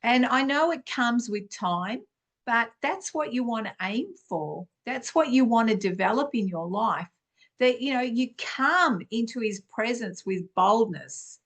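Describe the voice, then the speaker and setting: A middle-aged woman gives informal spiritual teaching as a podcast host, speaking in an unhurried, conversational way and clearing her throat often. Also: a little high, animated, fairly bright tone.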